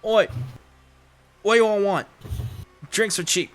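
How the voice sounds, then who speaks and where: Man putting on a loud gruff bartender. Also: high-pitched, slow, voice pushed up. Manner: loud, barking, put-on accent. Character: gruff foreign-accented male bartender, pushy.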